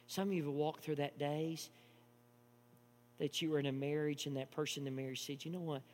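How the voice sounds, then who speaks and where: A man preaching a sermon, moving between hushed storytelling and loud, impassioned preaching. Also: fairly high pitch, steady tone, fairly quick. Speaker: pastor. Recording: long hall reverb with mains hum.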